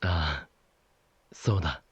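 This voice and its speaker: An actor playing a calm, gentle middle-aged man who speaks softly. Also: rumbling low, slightly rough, exaggerated voice. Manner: soft-spoken and slow. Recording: dull game audio.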